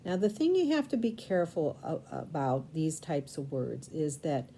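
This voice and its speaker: A woman teaching a recorded spelling lesson, sounding out syllables slowly and spelling words letter by letter. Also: low voice, lively intonation, warm tone, breathy edge.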